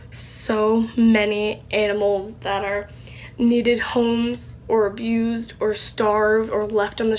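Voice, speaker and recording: A young woman, likely a teen, talking in a casual vlog, rambling and halting with many fillers, tearful with a stuffy nose. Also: on the high side, slight background noise. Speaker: channel host.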